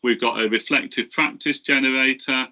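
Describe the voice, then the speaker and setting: Bright-voiced man presenting a webinar. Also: medium pitch, fairly even intonation, dull audio. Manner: halting, many fillers and restarts. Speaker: presenter from the software team.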